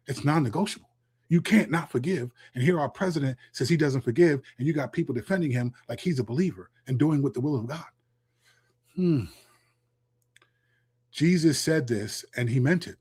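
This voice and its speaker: A man's voice: medium pitch, moderate pace, darkish tone, husky. Impassioned male Christian commentator. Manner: preachy, emphatic, with frequent restarts. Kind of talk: impassioned solo commentary with scripture reading.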